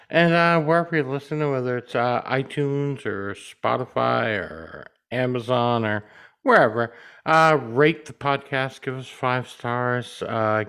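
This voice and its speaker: A man's voice: medium pitch, fairly bright tone, clear, resonant tone. A man with a Southern US accent co-hosting a podcast in laid-back casual chat. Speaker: podcast co-host.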